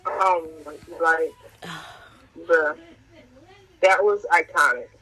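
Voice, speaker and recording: A woman's voice: deep voice, steady tone, drawn-out words, fairly bright tone, breathy edge, rough recording. A woman co-hosting a podcast, chatting casually with slangy, exclamatory talk; she works as a teacher. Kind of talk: casual chat.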